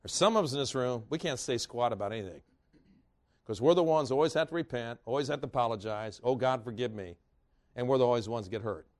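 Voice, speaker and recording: A male preacher giving a sermon in a church, telling folksy personal stories with animated delivery and bursts of laughter. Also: mid-range voice, quick pace.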